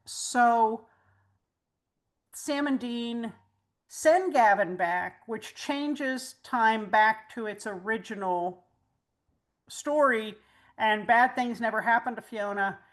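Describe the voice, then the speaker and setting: A woman with a fairly high voice hosts a relaxed fan conversation. She walks listeners through plot recaps at length in an explanatory way. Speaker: host. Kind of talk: casual chat.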